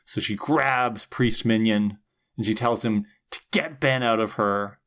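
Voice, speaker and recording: A man co-hosting a podcast, retelling a TV episode in casual chat and acting out the characters' lines with lively shifts in voice. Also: lowish voice, a little slow. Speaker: podcast co-host.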